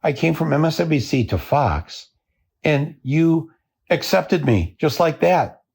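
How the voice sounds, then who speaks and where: A man's voice: a little high, expressive, measured pace, vocal fry, darkish tone, breathy edge, pitched above the performer's own voice, exaggerated voice. An older man putting on the voice of a smug male TV anchor who sneers at his own viewers. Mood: mocking.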